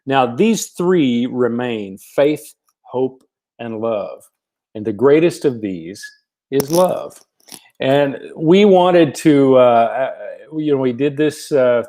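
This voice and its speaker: Folksy man greeting livestream viewers. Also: medium pitch. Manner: folksy, warm greetings by name, frequent fillers. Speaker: gospel singer hosting a livestream.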